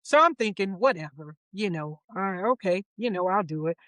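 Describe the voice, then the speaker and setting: A middle-aged woman guest in an interview, telling stories about her career with a lively manner. She laughs easily and acts out what others said. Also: mid-range voice, a little fast, no echo. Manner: lively anecdotes, acts out quoted voices. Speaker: interview guest, wardrobe supervisor. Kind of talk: casual storytelling interview.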